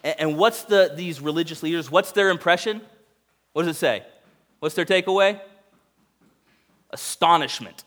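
A man's voice: normal speed, long pauses. A young adult man preaching a sermon, telling stories and acting out quoted lines with big jumps in his voice. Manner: animated storytelling, acts out quotes with big pitch jumps. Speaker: pastor.

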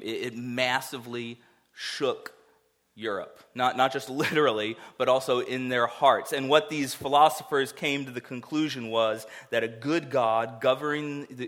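A man's voice: mid-range voice, fairly bright tone. A man preaching a sermon to his church in a conversational way, with rhetorical asides to the congregation. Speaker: pastor.

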